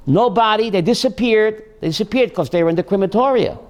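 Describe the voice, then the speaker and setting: A man's voice: high voice, a little fast. A man, a rabbi and host, tells a story on a call-in show, repeating key phrases for emphasis.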